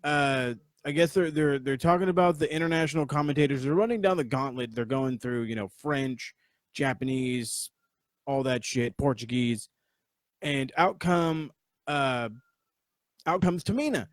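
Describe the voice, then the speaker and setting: Excitable, foul-mouthed man reviewing a wrestling show. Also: mid-range voice, unhurried, no echo, clean studio sound. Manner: profane, rambling, excitable. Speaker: podcast host. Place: live stream from home.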